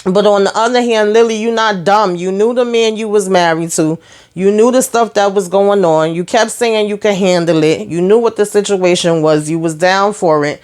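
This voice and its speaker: A woman's voice: mid-range voice, darkish tone. A woman giving a casual recap of a TV episode, sassy and chatty, scolding the characters directly as she retells scenes. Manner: sassy, talks straight to the characters; retells scenes in quick back-and-forth paraphrase. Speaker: TV show reviewer.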